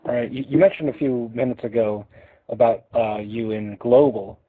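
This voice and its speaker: A man hosting a radio interview, asking questions in a halting way with small restarts. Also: mid-range voice, slightly rough. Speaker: radio show host. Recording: phone-like interview line.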